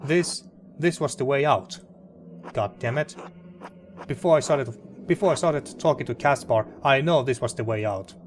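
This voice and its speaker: A man's voice: medium pitch, a little slow, slight background noise. A man hosting a story game playthrough, reacting earnestly and openly emotional. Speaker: let's play host. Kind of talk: gameplay commentary.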